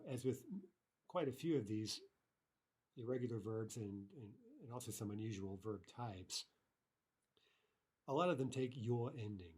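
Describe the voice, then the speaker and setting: A man's voice: medium pitch, dark tone, husky. A man teaching an online language lesson, explaining patiently with many fillers and reading example sentences aloud.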